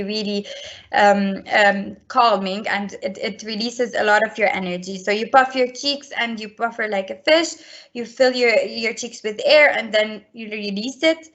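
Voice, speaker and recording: Brief: woman presenter on a video call, slightly high voice, earnest and explanatory, dull lo-fi audio. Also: fairly bright tone. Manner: earnest, explanatory, many restarts. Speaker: presenter at a school webinar for parents. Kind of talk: webinar talk with slides.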